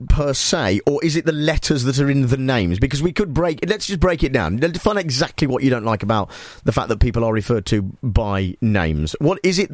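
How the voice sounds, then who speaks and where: Halting, rambling male radio host. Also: mid-range voice, very animated, dry recording, clean studio sound. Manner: rambling, halting, mock-earnest. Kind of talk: comedy phone-in sketch.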